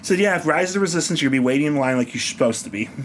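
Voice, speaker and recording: A man's voice: on the high side, lively intonation, very fast. Wry laughing man, faint background hum. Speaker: podcast co-host. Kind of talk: casual gaming chat.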